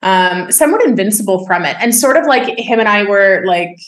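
A woman guest candidly telling her life story, frank and upbeat, smiling and laughing lightly even on hard subjects. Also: medium pitch, brisk. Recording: roomy echo.

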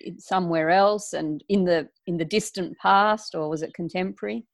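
A woman's voice: lowish voice, moderate pace, creaky. A woman interviewer asking careful, slightly hesitant questions.

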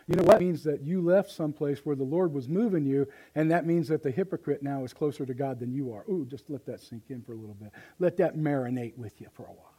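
Preacher, male, fairly high-voiced, folksy and fiery, live church sermon. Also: fast, hardly any pauses, breathy edge, low-quality recording. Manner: folksy, impassioned, swings from hushed to loud. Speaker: pastor.

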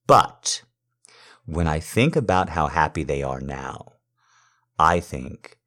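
A man speaking to a partner in an intimate role-play monologue, earnest and pleading, swinging from hushed to loud. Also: extremely low pitch, lively intonation, takes it slowly, long pauses. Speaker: partner persuading someone to have a baby.

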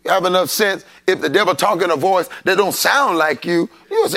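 High, bright-voiced preacher in full flow. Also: male voice, fairly quick. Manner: preachy, call-and-response, rising to shouts. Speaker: pastor. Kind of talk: sermon. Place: church sanctuary.

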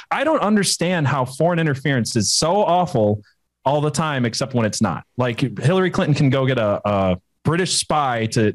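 A man in a casual political chat, opinionated and quick to laugh. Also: mid-range voice, dry recording. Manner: opinionated, laughs often, hesitant fillers and restarts.

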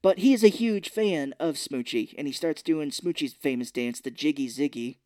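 A man co-hosting a podcast, retelling a film scene by scene in casual chat and slipping into quick voices for the characters. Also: on the high side, dark tone, dry recording, studio quality. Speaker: podcast co-host. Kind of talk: casual movie recap chat. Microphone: podcast microphone.

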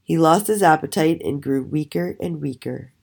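A woman telling a children's story aloud with an expressive, animated storytelling manner. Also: low-pitched, normal speed, gravelly, husky. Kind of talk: storybook reading.

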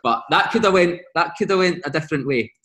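A man with a Scottish accent telling animated stories as a podcast guest, laughing often and quoting teammates. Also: a little high, fast talker, roomy sound, a little hiss or hum. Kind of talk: casual storytelling.

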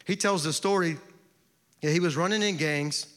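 A man's voice: fairly high pitch, normal speed, a bit bright. A man preaching a sermon as pastor, impassioned, with repeated refrains. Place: large church sanctuary. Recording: long church hall reverb.

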